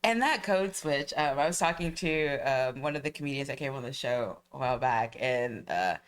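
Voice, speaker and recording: Woman host, deep voice, swings up and down, expressive. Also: smooth. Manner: expressive, laughs along, quick back-channels. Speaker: podcast host. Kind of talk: casual podcast chat.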